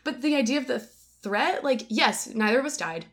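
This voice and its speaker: A woman co-hosting a relaxed podcast conversation. She tells her stories in a lively, rambling way, full of "like" and acted-out quotes. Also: fairly high pitch, normal speed, a crowd in the background. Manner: animated storyteller, lots of "like". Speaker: podcast co-host. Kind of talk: casual chat, storytelling.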